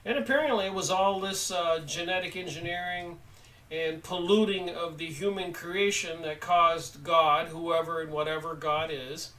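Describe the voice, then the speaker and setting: Higher-voiced man talking from a distance. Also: fairly even intonation, sharp tone, slight background noise. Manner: unhurried, halting with frequent pauses. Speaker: book reviewer. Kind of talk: casual spoken book review. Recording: voice set back from the mic.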